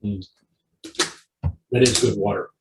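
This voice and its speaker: A man's voice: fairly low pitch, fairly even intonation, slow pace, noisy background. A young adult man hosting a comedy podcast solo, talking in a rambling, digressive and offhand way. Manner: rambling, digressive, with frequent restarts; wry and offhand. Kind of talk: casual solo podcast monologue. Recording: roomy echo.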